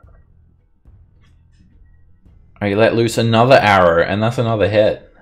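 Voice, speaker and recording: A man's voice: lowish voice, moderate pace, faint music behind. A man running a tabletop game as game master, narrating casually with chuckles and fillers.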